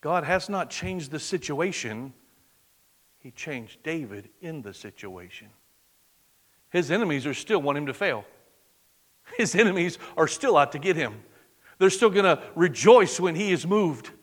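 A man preaching a sermon in church, swinging from loud exclamation to hushed, intimate prayer. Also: a little high, big pitch swings, measured pace, long pauses. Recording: long reverb of a large hall.

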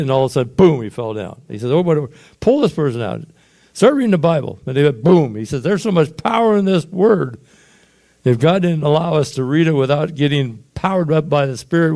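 A man with a gravelly, mid-pitched voice tells a long personal testimony. He rambles and gets animated, acting out what people said and making booming sound effects as he goes. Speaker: storyteller giving testimony. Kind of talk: casual spoken testimony.

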